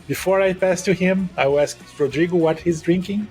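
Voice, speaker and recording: Boss co-host, man, higher voice, joking and relaxed. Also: brisk, faint music behind. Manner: jokey, relaxed banter. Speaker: podcast co-host, company boss. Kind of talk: casual podcast chat.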